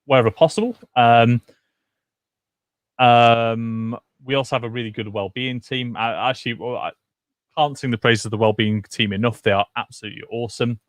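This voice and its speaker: A man's voice: mid-range voice, fairly even intonation, moderate pace, no room sound. A man with a Yorkshire accent hosting a university gaming stream in a casual, chatty way, hesitating often with fillers. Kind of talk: casual livestream chat.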